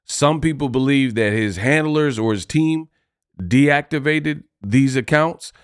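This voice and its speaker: A man's voice: mid-range voice, smooth, no room sound, studio quality. A man hosting a boxing commentary video, talking in a loose, conversational way and drawing out his lines. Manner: loose, conversational, drawn-out delivery.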